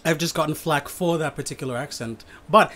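A woman from Papua New Guinea with an American-sounding accent, hosting a casual podcast chat, animated and quick to laugh. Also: sits low. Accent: Papua New Guinean with an American-sounding lilt. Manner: animated, laughs often, lots of restarts. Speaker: podcast host.

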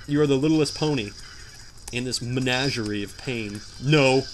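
A young man giving jokey, animated commentary while playing a hard video game, often shouting in frustration. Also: mid-range voice, moderate pace, a little hiss or hum. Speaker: gameplay commentator. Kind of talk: let's play commentary.

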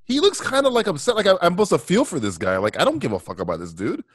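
A man's voice: high voice, huge pitch swings, fast, slightly rough, no room sound, studio quality. A man co-hosting a podcast, swearing and joking sarcastically through a casual movie commentary. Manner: profane, sarcastic, laughs often. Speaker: podcast co-host.

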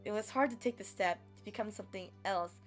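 A woman gaming streamer reads a romance visual novel aloud, reacting in an expressive, gushing, playful way. She talks fast in a mid-range voice, with faint music behind her.

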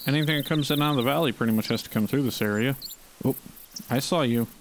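A man's voice: mid-range voice, fast, a little hiss or hum. A man giving casual gameplay commentary, talking and pleading with the animals on screen. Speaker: gaming channel host.

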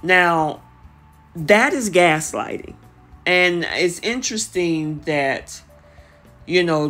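A reality TV recap host talking casually and animatedly, often acting out the cast's lines with lots of "you know" fillers. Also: mid-range voice. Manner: animated, acts out the cast's lines in quick bursts.

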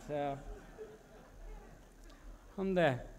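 Animated man recounting his commercial work. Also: on the high side, drawn-out words, noisy background. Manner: animated, with frequent restarts and filler. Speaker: commercial director. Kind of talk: reflective storytelling about his work.

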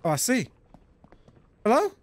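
A man giving casual, profane gameplay commentary, prone to loud excited outbursts. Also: very high voice, a little slow. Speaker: gaming YouTuber.

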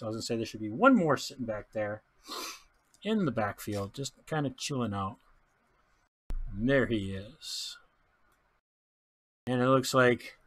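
Man, card pack breaker, lively swooping pitch, bright tense voice, chatty and excitable. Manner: chatty and excitable, stumbles over names, laughs often. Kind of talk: casual card-opening commentary.

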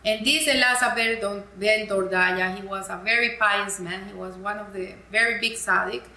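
Woman, Torah lesson, earnest storytelling, bright tone, echoey room. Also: medium pitch, fairly even intonation, moderate pace. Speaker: Torah teacher.

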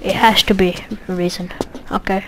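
A woman's voice: mid-range voice, flat delivery, moderate pace, slight background noise, poor audio. A woman doing a let's play commentary, goofy and sweary, talking back to the game. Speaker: gamer.

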